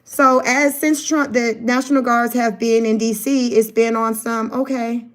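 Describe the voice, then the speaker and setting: A woman, talking straight to her viewers. She tells her story in an animated, chatty way and laughs often. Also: a little high, measured pace. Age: 40s. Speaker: vlogger. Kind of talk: casual livestream storytelling.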